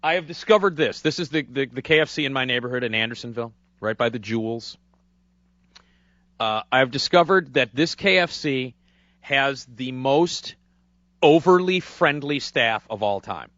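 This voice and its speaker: A man from hosting a radio show, telling a rambling story in a casual, animated way. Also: medium pitch, moderate pace, no echo, muffled recording. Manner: animated, rambling, acts out voices. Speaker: radio host. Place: radio studio.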